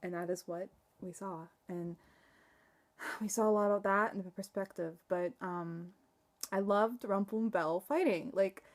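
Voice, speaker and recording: A young woman gives a casual, rambling review of a TV episode, excitable and sighing, laughing and swearing as she talks. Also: medium pitch, unhurried. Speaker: TV fan reviewer.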